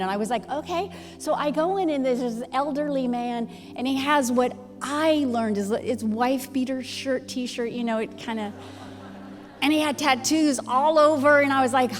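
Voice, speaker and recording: A woman's voice: sits high, moderate pace. A middle-aged woman pastor telling a personal story in a sermon, acting out both sides of the conversation. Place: church. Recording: long hall reverb with music behind.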